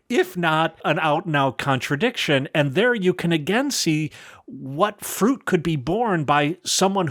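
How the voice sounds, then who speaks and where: A man co-hosting a philosophy podcast, explaining ideas in a thoughtful, measured way and posing rhetorical questions. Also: a little high, fairly bright tone, dry recording, studio quality. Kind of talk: casual philosophical discussion.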